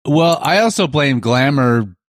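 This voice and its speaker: A man's voice: mid-range voice, animated, measured pace, no echo. A man co-hosting a casual podcast, agreeing along and adding wry jokes. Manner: wry, agreeable, joking asides. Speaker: podcast co-host. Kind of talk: casual chat.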